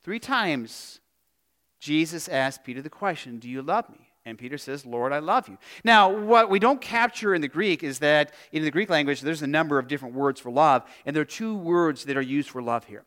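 A man preaching a sermon as a pastor, earnest and personal, with pauses and restarts as he speaks. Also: a little high, expressive, a bit bright.

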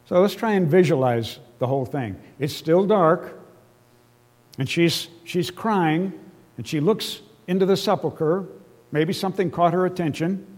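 A man's voice: fairly high pitch, unhurried, darkish tone. A man preaching a sermon, explaining scripture earnestly and emotionally, with casual asides to his listeners. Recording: long reverb of a large hall.

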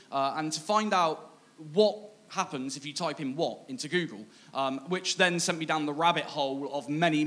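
A man with a fairly high voice preaches in a relaxed, joking way. He chuckles often and lifts his voice when something amuses him before settling back into his message. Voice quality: playful, laughing, rising excitement when amused. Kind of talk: casual humorous sermon.

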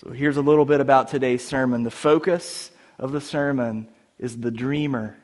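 A man's voice: mid-range voice, fairly even intonation, moderate pace, darkish tone. A pastor preaching a sermon to his congregation, conversational and playful, with humorous asides. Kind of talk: sermon with prayer. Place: church sanctuary before a congregation.

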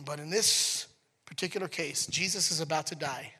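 A man preaching a sermon in a conversational, animated way, acting out scenes as he goes. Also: fairly high pitch, normal speed, husky, long reverb tail. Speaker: pastor.

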